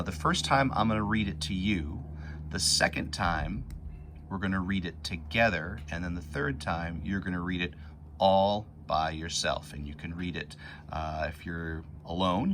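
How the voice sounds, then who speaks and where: A man teaching young children to read, reading a picture book slowly and patiently, word by word. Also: sits low, noisy background.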